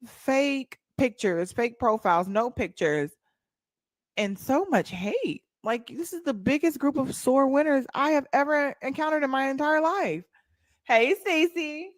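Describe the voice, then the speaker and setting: Sassy animated woman livestreamer. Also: high voice, measured pace, no room sound, studio quality. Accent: African American Vernacular English. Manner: animated, sassy, talks back to chat. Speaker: livestream host. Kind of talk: casual livestream chat.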